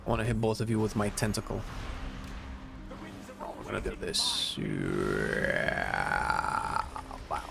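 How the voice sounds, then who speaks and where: A man giving casual commentary while playing a game, animated and swearing as he plays. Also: lowish voice, unhurried, gravelly, pauses often, over music. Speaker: gaming streamer.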